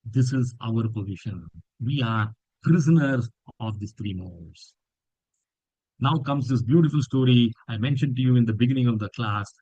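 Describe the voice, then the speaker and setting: Guy teaching a scripture class, tells stories animatedly, dry kinda dull-sounding mic. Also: dry recording. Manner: animated storytelling that lifts pitch for quoted lines. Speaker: spiritual teacher. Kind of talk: storytelling scripture lesson.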